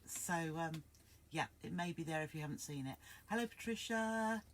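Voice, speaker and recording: A woman's voice: low-pitched, normal speed, slight background noise. A woman hosting a casual sewing livestream, chatting and greeting viewers by name in a rambling way.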